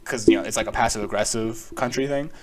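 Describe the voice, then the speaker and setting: Young American male podcast host, lower voice, loose profane sarcastic rant. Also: quick pace, a crowd in the background. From United States. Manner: profane, rambling, sarcastic, laughs often.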